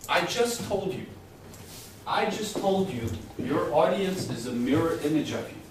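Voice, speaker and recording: A man teaching a communication skills class, lively and quizzing his listeners as he acts out short exchanges. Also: a little high, unhurried. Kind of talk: interactive classroom lecture. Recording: very echoey room, mic far off, faint noise.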